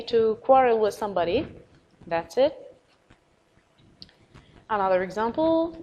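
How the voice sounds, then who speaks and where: A woman teacher with an Arabic accent giving a recorded English vocabulary lesson, encouraging, spelling words out letter by letter and repeating them slowly. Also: fairly high pitch, darkish tone, slight background noise, rough recording.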